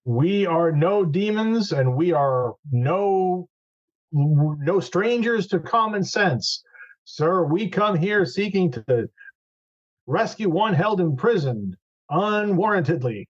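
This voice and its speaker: A man voicing an earnest male frontier preacher with a solemn, measured manner. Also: sits high, animated, pitched above the performer's own voice, heavily acted. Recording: dull lo-fi sound.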